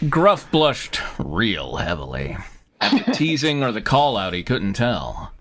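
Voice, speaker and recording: A man's voice: medium pitch, wildly swooping pitch, slow, a bit bright, slight background noise. A man narrating a fanfic aloud during a live group reading, in a wry, amused way.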